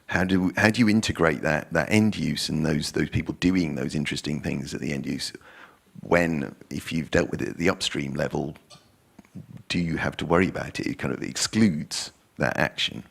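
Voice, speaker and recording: A man's voice: very deep voice, normal speed, vocal fry, slightly rough. A man in the audience asking a long technical question, a bit rambling.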